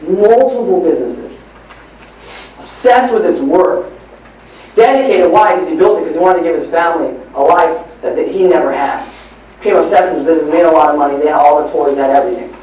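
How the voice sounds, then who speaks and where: A man giving a live motivational talk, telling stories in an animated, preachy way at a training event in a large hall. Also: a little high, fast talker, slight background noise. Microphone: far from the recording mic. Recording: echoey hall from far off.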